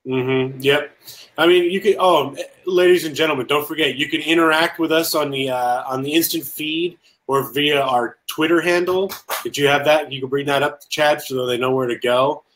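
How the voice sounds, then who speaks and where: A man's voice: fairly high pitch, fairly even intonation, moderate pace, a bit bright. A man hosting a casual podcast, rambling and apologizing as he loses track of his thoughts. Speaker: podcast host.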